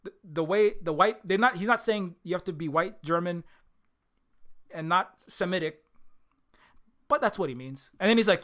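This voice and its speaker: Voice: medium pitch, lively intonation, moderate pace, long pauses, fairly bright tone. A host from Hawaii giving an impassioned political commentary monologue, swearing often, restarting sentences and asking "right?" again and again. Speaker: channel host.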